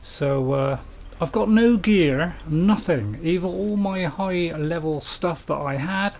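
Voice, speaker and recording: Speaking slowly in a fairly high, darkish voice, a man with a Northern English accent rambles through a casual live game stream and chuckles at his own jokes. The audio is dull, with slight background noise.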